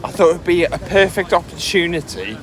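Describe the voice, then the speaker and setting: A man's voice: on the high side, expressive, fairly quick, a bit bright. A man co-hosting a podcast, chatting casually about football with lots of ums, recorded outdoors on the move. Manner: chatty, hesitant with frequent ums. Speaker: podcast co-host.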